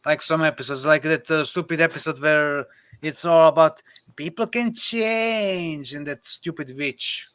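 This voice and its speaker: A man's voice: fairly high pitch, measured pace, fairly bright tone, clear, resonant tone, no room sound. A man co-hosting a watch-party podcast who riffs with sarcastic, crude jokes. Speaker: podcast co-host. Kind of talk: casual watch-party commentary.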